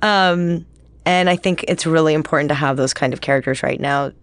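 A woman's voice: low-pitched, a little fast, no echo. A young woman actress telling stories in a casual chat, with lots of laughs and fillers. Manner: animated storytelling, laughs often, many fillers. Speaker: actress and guest.

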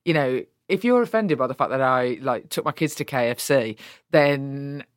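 Woman, interview guest: blunt, animated, swears freely, dry close sound. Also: rumbling low, moderate pace, no echo. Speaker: interview guest, politician and author. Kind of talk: candid conversational interview.

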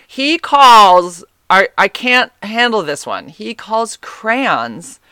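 Female solo podcast host, casual and chatty, bright tone, dry recording. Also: on the high side, slow pace, clean tone, dry recording. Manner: rambling and animated, heavy on "like" and "um".

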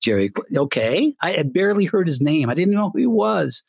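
Here the retired Colorado radio man sounds high-pitched, creaky and slightly rough, talking fairly quickly. As an interview guest he's lively, voicing each character in his stories. The recording is dry and clean, like a studio.

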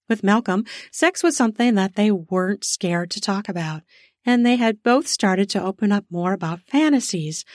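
A woman's voice: mid-range voice, a little mellow, no echo, clean studio sound. Woman narrating an intimate erotic story. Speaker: story narrator and podcast host.

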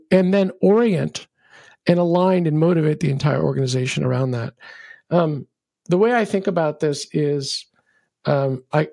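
Gravelly-voiced man giving energetic advice. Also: a little high, no echo, clean studio sound. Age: middle-aged. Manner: rambling, frequent ums, energetic storytelling. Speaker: podcast guest, venture capitalist. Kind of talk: animated conversational advice.

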